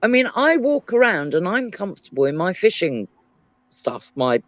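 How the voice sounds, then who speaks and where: Lively British woman telling stories. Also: on the low side, moderate pace, no echo. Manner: animated storyteller, lively voice. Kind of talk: casual chat. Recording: dry, dull lo-fi stream audio.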